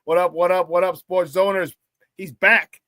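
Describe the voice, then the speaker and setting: A man hosting a morning sports talk show, hyping up viewers in a playful, lively way and often breaking into laughter. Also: high-pitched, moderate pace, dry recording. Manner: hype, playful, talks to the chat and laughs often. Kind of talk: upbeat morning show chat.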